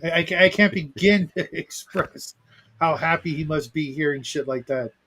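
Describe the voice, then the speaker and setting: A man's voice: a little high, normal speed, background noise. A man in casual podcast chat who stammers and repeats words while making his point. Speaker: podcast co-host.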